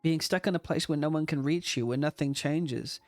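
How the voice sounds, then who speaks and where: A man's voice: on the high side, moderate pace, dry recording, natural voice. A man reading aloud the lines of a lonely young man who is trapped in a dream, his voice hurt and pleading.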